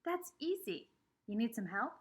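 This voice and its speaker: A woman voicing a friendly, talkative country boy who is the new kid at school, with a husky voice and an eager country drawl. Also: on the high side, sing-song, normal speed.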